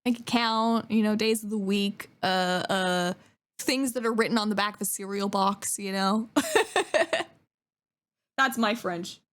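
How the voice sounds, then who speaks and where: A woman's voice: medium pitch, fairly even intonation, a little slow, a bit bright. A young woman from Western Canada, chatting casually on a live stream, giggling often and trailing off with fillers.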